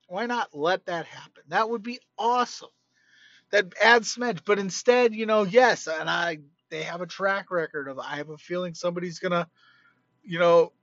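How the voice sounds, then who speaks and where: A man hosting a quick podcast while driving home, talking casually and emphatically about wrestling. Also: high-pitched, no echo, muffled recording. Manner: animated, emphatic, conversational. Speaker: podcast host. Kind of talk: casual wrestling opinion rant.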